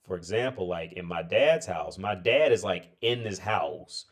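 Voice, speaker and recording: A man's voice: deep voice, lively intonation, a little slow. A tired man hosting a casual livestream chat, rambling with lots of filler words and restarts. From United States. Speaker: livestream host.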